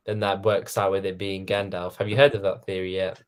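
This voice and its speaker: A man with a lowish voice speaks as a guest on a casual livestream chat. He stumbles and repeats himself and fills the gaps with "you know" as he lays out his thoughts. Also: little pitch movement, clean tone. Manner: halting, repeats words, frequent "you know".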